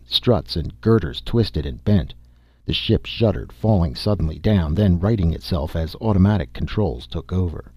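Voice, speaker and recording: A man narrating a science fiction story in a steady, measured reading voice, with a husky tone. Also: sits low, no echo, clean studio sound. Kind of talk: audiobook narration.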